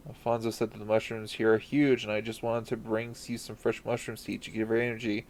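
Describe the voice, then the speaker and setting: A man reading the lines of a scared, apologetic little boy from a game, hesitant and halting. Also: on the low side, flat delivery, darkish tone, lightly acted. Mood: anxious.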